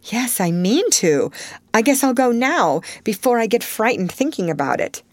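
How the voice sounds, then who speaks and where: Shy young girl, high and hesitant, read by a woman for an audiobook. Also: very animated, moderate pace. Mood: nervous.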